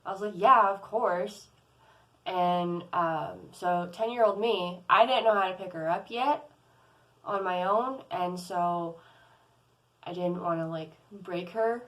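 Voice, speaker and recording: A woman's voice: lowish voice, unhurried, a bit bright, low-quality recording. A young adult woman vlogging, telling a personal story in a casual, rambling way, with many fillers and restarts. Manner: rambling, lots of "like" and "um", restarts often.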